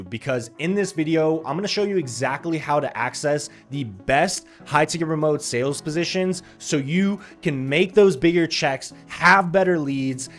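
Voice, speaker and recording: A man hosting a sales-career video, pitching directly to viewers in an upbeat, salesy way with sarcastic asides. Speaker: sales recruiter and channel host.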